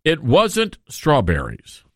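A man's voice: a little high, huge pitch swings, takes it slowly, no room sound, clean studio sound. A male radio host giving a sarcastic, emphatic talk radio monologue, with frequent asides to his listeners.

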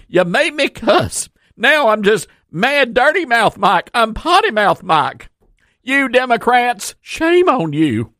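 A man's voice: very high voice, pushed and bright, no room sound, studio quality, pitched above the performer's own voice, full character voice. A man mimicking a furious, folksy middle-aged man in a blustery, overdone parody. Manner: blustery, exaggerated mock outrage.

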